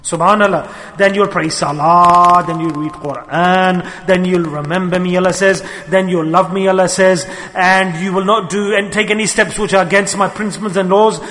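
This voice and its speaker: Male Sufi teacher, high bright voice, earnest sermon, reverberant hall. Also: fairly even intonation, moderate pace. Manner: earnest, repeats key phrases.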